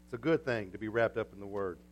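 An older man preaching a sermon in a church, folksy and energetic, breaking into cheering shouts. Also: fairly low pitch, quick pace, slight background noise. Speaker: pastor. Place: church sanctuary.

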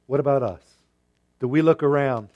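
A male pastor preaching an earnest sermon, moving between emphatic and hushed delivery. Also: medium pitch, moderate pace, lo-fi sound.

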